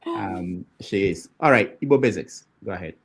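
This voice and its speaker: A man's voice: low voice, lively intonation, moderate pace, creaky, husky. A man hosting a talk show, moving between questions with many hesitant fillers. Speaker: host.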